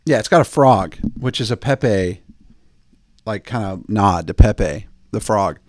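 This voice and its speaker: Man, podcast host, casual rambling chat, joking, very lively pitch, dry close sound. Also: measured pace, no room sound. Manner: rambling, joking, filler-heavy.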